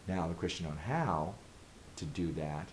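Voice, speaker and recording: Deep-voiced man pressing rhetorical questions. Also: expressive, a little slow, slight background noise, poor audio. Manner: earnest and emphatic, repeating rhetorical questions. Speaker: vlogger giving advice. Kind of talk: direct-to-camera advice monologue.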